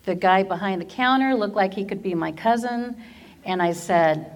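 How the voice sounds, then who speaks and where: A woman's voice: fairly low pitch, fairly quick. Testimony speaker: American woman, 50s, funny, laughs through her stories. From Southern California, USA. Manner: humorous storyteller who laughs often through her stories. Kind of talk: personal faith testimony.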